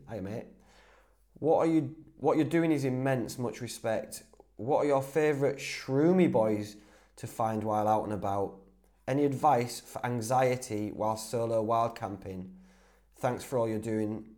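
A young man with a North Yorkshire accent hosts a solo podcast Q&A. He talks in a loose, laddish way at a middling pitch, laughs easily and often stops to restart a sentence. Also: mellow. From Whitby, North Yorkshire, England. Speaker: podcast host. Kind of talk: casual solo Q&A.

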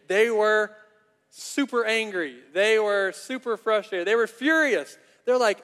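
A male pastor preaches in a lively conversational way, filled with casual fillers. His voice is high for a man, and a long reverb from the church auditorium trails each phrase. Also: unhurried. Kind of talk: sermon. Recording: long reverb of a large hall.

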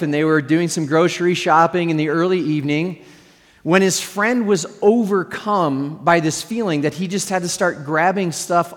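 A man preaching a sermon as pastor, telling a story with humorous asides to his congregation. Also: a little high. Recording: long hall reverb.

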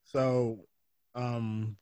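A young man hosting a podcast in casual chat, asking questions with halting restarts and dry, teasing quips. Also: medium pitch, little pitch movement, mellow, smooth, no echo. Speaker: podcast host.

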